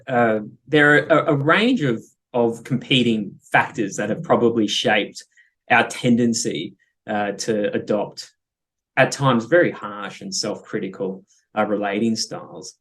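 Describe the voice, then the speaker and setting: A man speaking as a guest psychologist in an interview, thoughtful and hesitant, with many fillers and light laughs. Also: medium pitch. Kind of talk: interview conversation.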